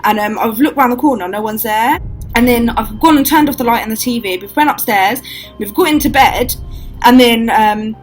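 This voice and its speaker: A woman's voice: fairly high pitch, normal speed, soft background music, rough recording. A young woman telling ghost stories to camera in casual, swear-filled chat, acting out what people said. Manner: swears a lot, acts out quotes, animated.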